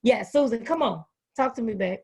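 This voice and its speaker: A woman hosting a casual panel discussion with educators over a video call. She tells lively stories and calls people baby and sweetie. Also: on the high side, normal speed, husky. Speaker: host and educator.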